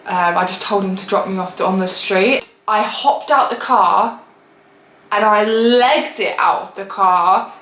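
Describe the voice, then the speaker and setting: A young woman telling a storytime vlog story in an animated, exasperated way and laughing often. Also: mid-range voice, unhurried, reverberant, poor audio. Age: young adult. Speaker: vlogger.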